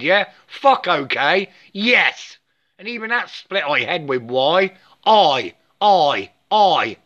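A man's voice: high-pitched, pushed and bright. A middle-aged man giving a rambling spiritual monologue, emphatic and repetitive, forever checking with "yeah?" and slipping into chanted mantras. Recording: dull lo-fi recording.

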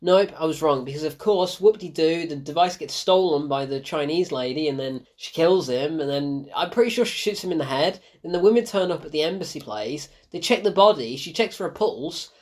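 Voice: medium pitch, a little fast, few pauses. A film reviewer, giving a casual spoken review in an exasperated, sarcastic way, laughing often and swearing.

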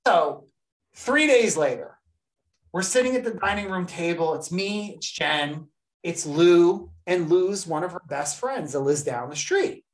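Her voice sits on the low side and she takes her time. As a podcast host chatting casually, she narrates a long story with animated energy, acting out whoever she quotes.

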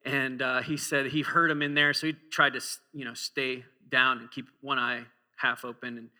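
A man's voice: mid-range voice, flat delivery, moderate pace, sharp tone. A man in his forties preaching a sermon in a church, conversational and humorous, often asking the congregation questions.

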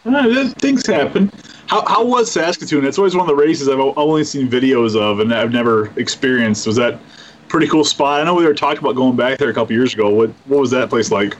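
A man's voice: mid-range voice, animated, fast talker, a little hiss or hum. A man hosting a casual chat, rambling and repeating his words in an easygoing way. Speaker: podcast host. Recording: slightly dull lo-fi sound.

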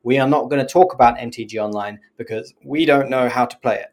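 A woman's voice: a bass voice, quick pace, darkish tone. Chatty woman podcaster, laughing. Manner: chatty, swears, laughs while explaining, puts on silly accents for single words. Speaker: podcast co-host. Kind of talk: casual podcast chat.

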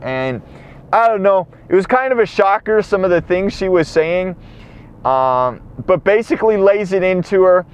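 A man's voice: sits high, a little slow, smooth. A man hosting a podcast, recapping a film in a rambling, profane monologue while he drives. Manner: rambling, profane, acts out lines. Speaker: podcast host. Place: car while driving.

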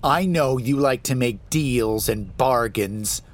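A man's voice: mid-range voice, slow pace, pitched above the performer's own voice, natural voice. A man voicing a tense, defiant teenage boy who talks in a raised, strained, urgent voice.

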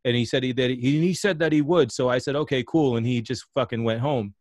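A man's voice: mid-range voice, a little fast, dry recording, clean studio sound. A man co-hosting a podcast, retelling a story in a loose, slangy way with some cursing. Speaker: podcast co-host. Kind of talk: casual storytelling.

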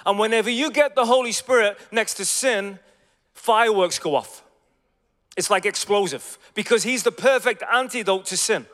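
A man in his forties preaches with a high, bright voice, telling stories in a lively way. He swings from quiet asides to loud bursts. His voice rings out in a long, echoing hall. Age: 40s. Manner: animated, swings from hushed asides to loud exclamations. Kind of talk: storytelling sermon.

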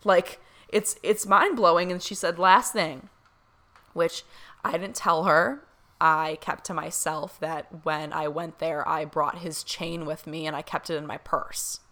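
Bright-voiced young woman gushing to camera. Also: deep voice, unhurried. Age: young adult. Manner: excited, gushing, many fillers. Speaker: vlogger. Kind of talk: casual storytelling to camera.

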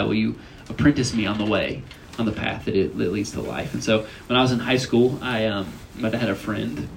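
Young male retreat speaker, relaxed conversational sermon, gravelly tone, slight background noise. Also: mid-range voice, low-quality recording. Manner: chatty, asks the audience questions.

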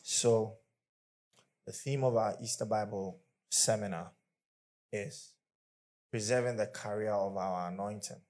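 Low-voiced man preaching a sermon. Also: measured pace, pauses often, darkish tone. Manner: call-and-response preaching, leading the congregation; emphatic, with bursts of laughter. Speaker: pastor. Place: church before a congregation.

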